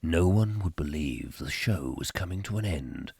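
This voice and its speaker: A man putting on a deep, gravelly voice as a grave sci-fi narrator, slow, dramatic and hushed. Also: animated, no room sound, full character voice. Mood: ominous. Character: grave, doom-laden male sci-fi narrator.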